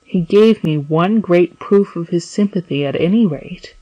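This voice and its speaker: Earnest young prisoner, woman reading: eager, lowish, dry close sound. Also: a little slow, warm tone, no echo, highs cut off. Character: young male sailor, wronged and earnest prisoner.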